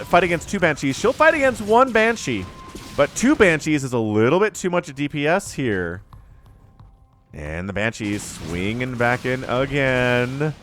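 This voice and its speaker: A man giving solo play-by-play commentary on a strategy game, excitable and jokey, talking straight to his viewers. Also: medium pitch, slight background noise. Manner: excitable, talks to viewers directly, jokey asides. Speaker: esports caster.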